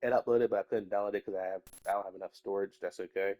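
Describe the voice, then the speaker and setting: Young guy kinda sick and stuffy, low voice, rambling and cussing, dry close sound. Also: steady tone, very fast, mellow, dry recording. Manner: rambling, swears often, trails off into mumbling. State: slightly sick, stuffy nose. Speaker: YouTuber. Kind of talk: casual rambling chat.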